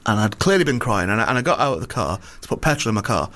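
A man tells a story at a quick clip, his pitch bouncing up and down as he acts out both sides of a conversation. He stumbles over his words, swears freely and keeps a loose, chatty rhythm. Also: big pitch swings, pushed and bright. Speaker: comedian. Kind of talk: casual podcast chat.

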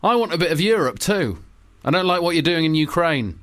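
A man's voice: fairly high pitch, expressive, fairly quick, a bit bright. A man voicing a male American president in a comedy radio sketch, chummy but easily flustered. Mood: stern.

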